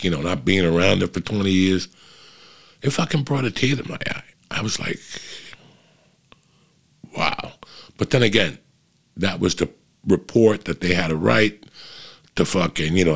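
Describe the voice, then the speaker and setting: A man's voice: sits low, creaky, fairly bright tone. A middle-aged man telling a rambling, profane story in casual chat, calling his listeners guys.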